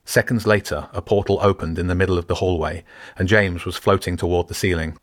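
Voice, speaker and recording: A man reading a story aloud in steady, measured scripted narration. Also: low voice, no room sound, clean studio sound. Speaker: audiobook narrator.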